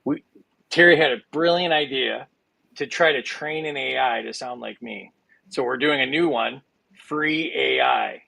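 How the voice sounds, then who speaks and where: This male host talks through his stream with a heavily gravelly, fry-filled voice that sounds bright and forceful. The mic is close and dry, with no room sound. He jokes loosely and fills the gaps with uhs and ums. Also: medium pitch, a little slow, no room sound. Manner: jokey, rambling with many fillers. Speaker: game show host. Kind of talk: casual game show hosting.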